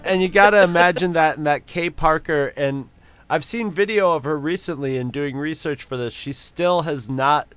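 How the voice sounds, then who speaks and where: A man's voice: a little high, normal speed, a bit bright, smooth, dull audio, soft background music. A man co-hosting a podcast, chatting casually in a joking, crude way with lots of restarts. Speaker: podcast co-host. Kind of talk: casual chat.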